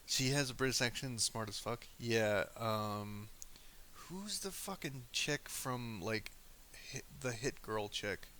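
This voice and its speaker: A man's voice: mid-range voice, slow pace, sharp tone, slight background noise. A man streaming, chatting casually, crude, joking and argumentative. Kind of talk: casual chat with live chat.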